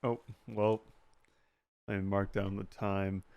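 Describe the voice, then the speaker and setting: A man's voice: fairly low pitch, little pitch movement, slow, creaky, dull audio, noisy background. A young man co-hosting a podcast, laid-back, with dry remarks in casual chat. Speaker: podcast co-host.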